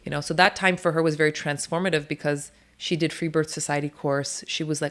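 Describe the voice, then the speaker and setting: Fast-talking, low-voiced woman. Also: fairly bright tone. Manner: blunt, emphatic, swears freely; rapid, run-on storytelling. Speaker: doula, interview guest. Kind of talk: candid storytelling interview.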